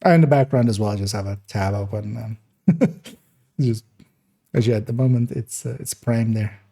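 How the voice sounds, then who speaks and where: A man's voice: on the low side, a little fast, warm tone. A man streaming a game live, in casual commentary, thinking aloud hesitantly as he works through numbers.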